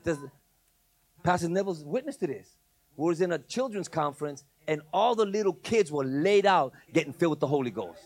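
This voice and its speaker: A middle-aged male preacher telling stories in a sermon, moving from quiet asides to loud, emphatic preaching. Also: a little high, animated, fairly quick.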